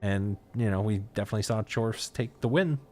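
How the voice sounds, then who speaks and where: A man's voice: fairly low pitch, fairly quick, a little mellow. A man hosting a casual esports talk show, laid-back, with many uh and um fillers as he talks. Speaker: host.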